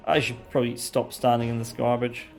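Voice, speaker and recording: A man giving live gameplay commentary, excitable, swearing and talking to himself as he plays. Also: medium pitch, fairly quick, soft background music. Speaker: gamer streamer.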